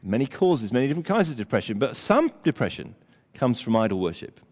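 Older male pastor, sermon, lively pitch swings, long hall echo. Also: quick pace. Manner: animated, emphatic preaching with dramatic drops to near-whisper.

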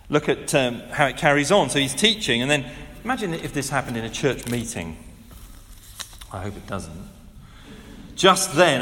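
Animated preacher in an echoey hall. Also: male voice, medium pitch. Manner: animated, conversational, with asides and rhetorical questions. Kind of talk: sermon. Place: large church hall. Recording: echoey hall with long reverb.

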